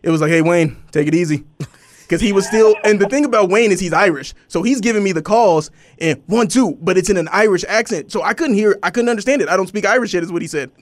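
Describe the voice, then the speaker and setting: A man's voice: sits high, fast talker. A man co-hosting a talk show, chatting in a laid-back, self-mocking way. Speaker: co-host. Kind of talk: casual chat.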